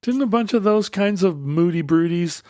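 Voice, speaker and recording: Deadpan man tossing in quips. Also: high voice, normal speed, dry recording, studio quality. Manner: deadpan quips and short asides. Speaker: podcast co-host. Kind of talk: casual chat.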